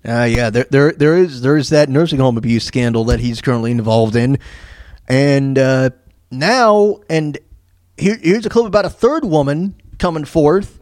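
A man's voice: medium pitch, normal speed, a little mellow. A man hosting a podcast who comments casually on news clips, rambling and hesitant with many fillers and restarts. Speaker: podcast host.

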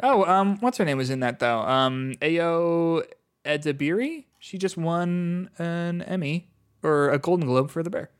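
Lively, chatty male podcast co-host. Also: on the high side, a little slow, clean tone. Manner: chatty, frequent ums and restarts. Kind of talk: casual chat.

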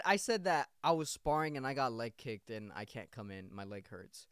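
Young male podcast host, rambling profane rant, smooth clear voice, dry sound. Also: mid-range voice, brisk, a bit bright, dry recording.

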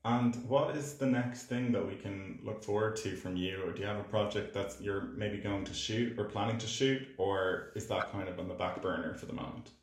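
A man hosting a casual interview, offering short affirmations and gentle questions. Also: on the low side, moderate pace, hardly any pauses. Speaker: podcast host. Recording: very echoey room.

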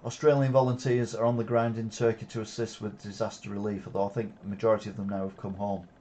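A man's voice: on the low side, level tone, quick pace, dark tone, a little hiss or hum. A man with a Wigan accent hosting an alternative news show, reading headlines and adding sarcastic asides with frequent fillers. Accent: Wigan, Lancashire. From Wigan, England. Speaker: news commentary host. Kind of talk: reading headlines with off-the-cuff commentary.

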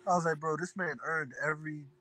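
A man guesting on a podcast, chatting in a laid-back, slangy way that often trails off quietly. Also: fairly high pitch, fairly even intonation, fairly quick, rough recording. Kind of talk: casual chat.

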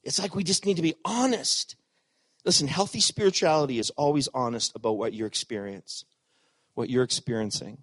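A middle-aged man preaching a sermon as pastor, animated, swinging from loud emphatic lines to hushed asides. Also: medium pitch, fairly quick, no room sound.

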